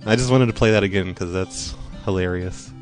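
A man hosting a show, talking in a low-key, rambling way. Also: a little fast, soft background music. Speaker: host. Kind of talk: casual chat.

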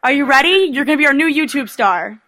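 A woman making a prank phone call, talking in brisk, persuasive sales-pitch patter. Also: lively intonation, bright, forceful tone, slight background noise. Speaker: prank caller.

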